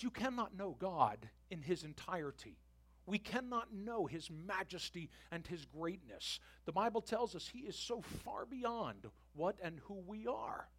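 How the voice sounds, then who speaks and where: A middle-aged man preaching a sermon in a church, talking conversationally and making asides to the congregation. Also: sits high. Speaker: pastor. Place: church sanctuary.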